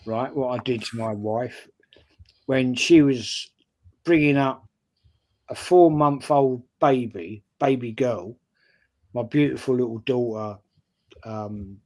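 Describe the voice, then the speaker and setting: A man's voice: mid-range voice, takes it slowly, long pauses, darkish tone. Older London man telling a story. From North London. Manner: anecdotal, repeats "right?" often. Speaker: fan channel panelist. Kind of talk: casual storytelling.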